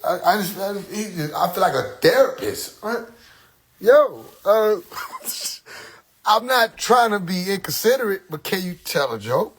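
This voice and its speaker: A man's voice: high-pitched, measured pace, breathy edge. A young man telling a funny story from his childhood in a casual monologue, laughing often and swearing freely. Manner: animated, laughing, profane. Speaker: streamer.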